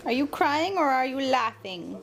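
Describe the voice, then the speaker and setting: A woman's voice: sits high, big pitch swings, moderate pace. A mother filming at home, coaxing and teasing her young son and the family dog in a playful sing-song way. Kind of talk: casual home video. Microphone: handheld camera.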